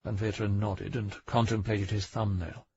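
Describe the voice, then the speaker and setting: A male audiobook narrator reading a crime novel in a steady, measured way. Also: on the low side, a little hiss or hum. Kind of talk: scripted narration. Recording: dry, dull audiobook recording.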